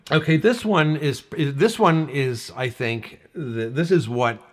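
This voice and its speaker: A man's voice: mid-range voice, measured pace. A Canadian man co-hosting a podcast, reading funny text messages aloud in casual chat and chuckling often. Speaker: podcast co-host.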